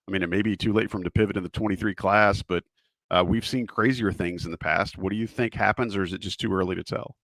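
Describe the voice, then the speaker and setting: Deep-voiced guy hosting a podcast, laid back, asks loose questions, dry close sound. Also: fairly even intonation, fast, a bit bright, dry recording. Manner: easygoing, chuckles, asks loose open questions. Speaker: podcast host. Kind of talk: casual podcast chat.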